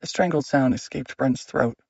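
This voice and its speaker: A man narrating an audiobook in a measured, steady reading. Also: mid-range voice, creaky, dry recording, dull audio.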